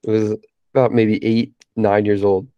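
A young man co-hosting a podcast, telling a long story in a relaxed way, laughing often and filling with "like". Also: lowish voice, moderate pace, clear, resonant tone, no room sound, lo-fi sound. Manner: laid-back storyteller, laughs often, many fillers. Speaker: podcast co-host. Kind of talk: casual chat.

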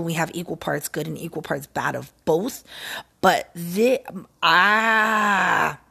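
A woman's voice: fairly low pitch, creaky, a bit bright, breathy edge. A woman podcast host rambling casually and self-mockingly from a recliner at home. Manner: scattered, self-mocking, giggly.

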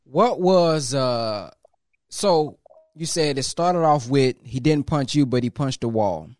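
A man's voice: medium pitch, lively intonation, takes it slowly, darkish tone, no room sound. Probing male interviewer, dry sound. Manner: probing, rambling questions. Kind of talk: interview questions.

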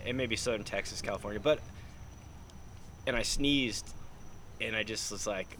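A man chatting casually, telling jokey, animated stories. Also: on the low side, moderate pace, slight background noise. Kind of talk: casual chat.

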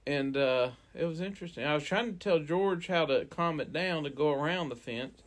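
Male co-host, eager prompter, somewhat high voice, casual. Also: moderate pace. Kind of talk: casual chat.

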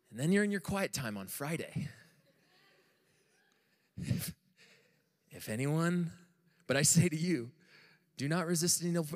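An American man preaching a sermon to a live congregation, telling stories in an animated, joking way. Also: fairly high pitch, in a large hall. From United States. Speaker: pastor. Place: church room with audience.

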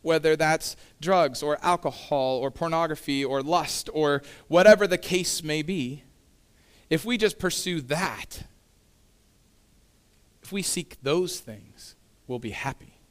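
A man's voice: a little high, slow, clean tone. A male pastor delivering a sermon in a conversational, casual way, with frequent asides to the congregation.

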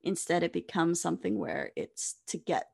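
A young woman co-hosting a podcast in casual chat, animated, full of fillers and restarts, acting out quoted voices. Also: fairly low pitch, moderate pace, vocal fry, breathy edge, no room sound, clean studio sound. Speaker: podcast co-host.

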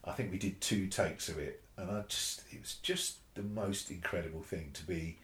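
A man, a bass player telling a story in a casual interview, animated and swearing freely, acting out the voices of others. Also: moderate pace. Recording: roomy echo.

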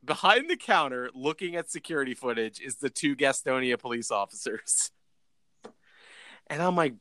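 A man's voice: mid-range voice, animated, moderate pace, sharp tone. A young man casually telling a rambling story, full of "like" and restarts. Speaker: podcast co-host.

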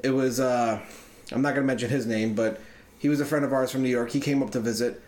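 Here a podcast co-host speaks in a mid-range, slightly mellow voice, steady in tone but quick in pace. He meanders through a long story for friends, profane and relaxed, while the space around him echoes.

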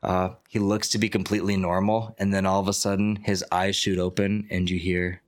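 A man running a tabletop game as game master, narrating scenes in an animated storytelling way. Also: deep voice, a little fast.

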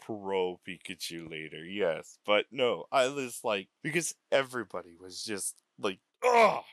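A man co-hosting a podcast in casual chat, loud and laughing, swearing freely as he rants. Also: low-pitched, a little slow, no echo, studio quality. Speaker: podcast co-host.

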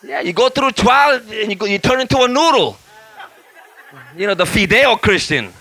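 A man in his fifties, a guest pastor preaching a lively storytelling sermon, acting out voices and shouting lines for effect. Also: high-pitched, moderate pace. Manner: animated, acts out voices and shouts for effect, laughs often.

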